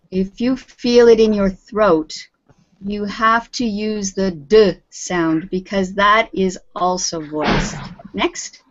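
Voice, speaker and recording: Brief: unhurried woman English teacher, encouraging, muffled video-call sound. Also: medium pitch. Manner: patient, encouraging, calls on students by name. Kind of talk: live online group lesson. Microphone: video call audio. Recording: dull lo-fi video call audio.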